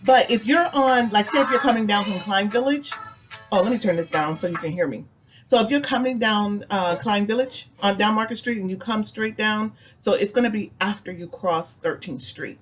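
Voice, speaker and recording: A woman's voice: medium pitch, moderate pace. A woman chatting casually as she reviews food for her vlog, rambling a little and laughing often. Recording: music playing in the background.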